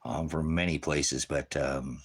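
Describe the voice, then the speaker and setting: A man hosting a ministry channel, ranting to his viewers from an off-grid homestead, heated and profane, bursting into shouts. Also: rumbling low, fairly even intonation, unhurried, slightly rough. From United States.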